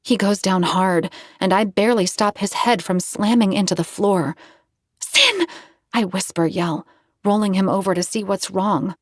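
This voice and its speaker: A woman's voice: mid-range voice, fairly even intonation, normal speed, a little mellow, no echo. Woman, audiobook narrator, first-person novel, dramatic tense delivery, dry close recording.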